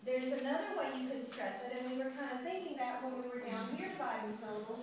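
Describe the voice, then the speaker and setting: A woman's voice: high voice, quick pace, few pauses, a crowd in the background. Teacher woman in an echoey classroom. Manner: chatty, checks in with "okay?" often. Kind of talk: classroom lecture. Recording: echoey classroom from far off, hiss.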